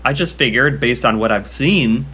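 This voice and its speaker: A man's voice: mid-range voice, normal speed, sharp tone, a little hiss or hum. A young man giving casual reaction commentary, chatty and self-mocking, thinking aloud as he talks. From United States. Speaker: reaction video creator.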